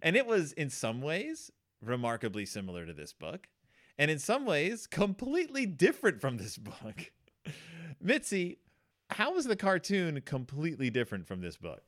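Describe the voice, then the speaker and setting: Lively man hosting a book chat. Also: on the high side. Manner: animated, quick to laugh, lots of fillers. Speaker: podcast host. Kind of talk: casual book discussion.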